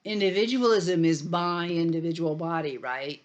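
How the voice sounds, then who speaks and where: A woman's voice: on the low side, moderate pace. A woman giving a university lecture in a conversational way, full of fillers, restarts and emphatic asides.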